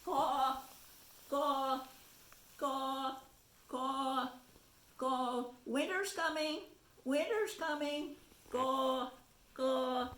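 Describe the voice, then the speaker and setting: A woman voicing a crow that caws loudly and warns of winter, read aloud in a roomy space. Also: high-pitched, steady tone, very slow, long pauses, voice pushed up, exaggerated voice. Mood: urgent. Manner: loud, repeated caws. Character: cawing crow warning of winter. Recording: roomy echo.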